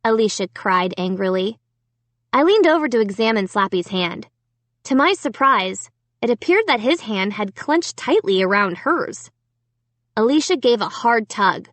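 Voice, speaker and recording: A woman reading a storybook aloud in an expressive first-person narration. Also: a little high, measured pace, no echo. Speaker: audiobook reader.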